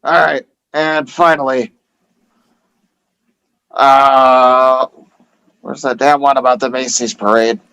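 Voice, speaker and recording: A man's voice: mid-range voice, moderate pace, gravelly, hardly any pauses, fairly bright tone, low-quality recording. A man co-hosting a comedy podcast, reading joke tweets and telling crude jokes with plenty of swearing. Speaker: podcast co-host.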